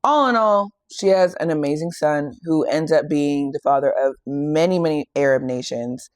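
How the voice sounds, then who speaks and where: A woman hosting a faith and fitness channel who retells a Bible story in a casual, animated way and acts out the quoted lines. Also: low voice, normal speed, no room sound, studio quality.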